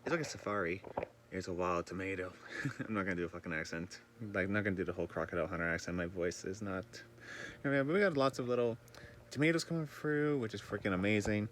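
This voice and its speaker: Casual male vlogger, deep-ish, loose and rambling, a little groggy. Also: fast talker, a little hiss or hum. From northern British Columbia, Canada. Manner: loose and rambling, frequent swearing. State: a bit groggy, just woken. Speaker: vlogger touring his greenhouse garden. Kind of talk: casual chat. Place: greenhouse. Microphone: handheld camera.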